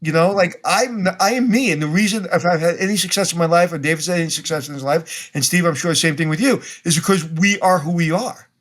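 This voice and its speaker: A man from Brooklyn speaks as a podcast guest. His voice sits somewhat high for a man. He talks bluntly and directly, and he acts out little scenes of dialogue. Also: quick pace, few pauses, a bit bright. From Brooklyn, New York. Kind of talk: casual interview conversation.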